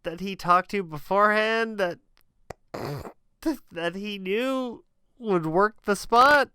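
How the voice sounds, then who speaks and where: A man speaking slowly and deliberately, with a smooth, clean voice, in a dry close-up recording. His commentary is sarcastic and mocking, full of deadpan asides. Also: sits high, dry recording. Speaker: commentator reacting to a clip.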